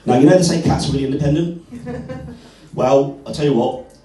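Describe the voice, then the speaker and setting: On a club stage, this comedian trades with the audience and tells stories with wry self-deprecation. His voice is on the high side, brisk and warm. The recording is distant and echoey, with crowd sound.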